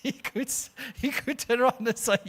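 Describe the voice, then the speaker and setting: A pastor preaching an animated sermon, calling listeners friends and laughing often. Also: male voice, extremely high pitch, moderate pace, husky.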